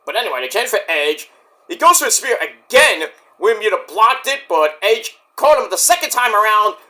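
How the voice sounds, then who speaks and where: A man's voice: high-pitched, moderate pace. A man giving a casual, profane recap of a wrestling show, reviewing it as host. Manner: animated, swears freely, acts out wrestlers' lines in shouted bursts.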